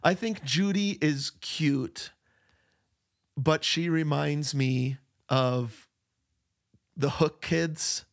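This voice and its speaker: A man's voice: a little high, very slow, pauses often. A man co-hosting a podcast, chatting casually about a movie and laughing often. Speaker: podcast co-host. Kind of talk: casual movie-review chat.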